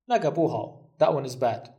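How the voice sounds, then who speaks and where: Guy giving a language lesson, repeats stuff slow and patient, mic kinda far away. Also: mid-range voice, expressive, dark tone, highs cut off. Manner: patient, repeats each phrase slowly then translates. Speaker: language teacher.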